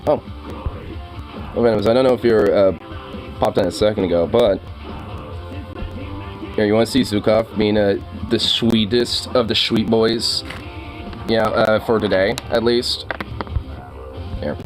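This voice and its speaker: A young man talks casually to his viewers in a low, relaxed voice, rambling along, laughing often and swearing freely. Faint music plays behind him. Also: unhurried, long pauses. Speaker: streamer.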